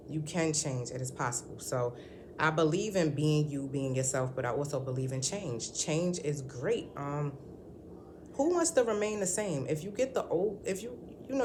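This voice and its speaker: A woman's voice: low-pitched, noisy background. A woman at home talking to her channel in a casual vlog, rambling and candid with lots of ums and restarts. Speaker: vlogger. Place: at home indoors.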